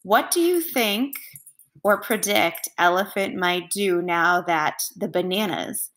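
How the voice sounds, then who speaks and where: A woman teacher reading a storybook aloud to children in a clear, expressive voice. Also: lowish voice, slow pace.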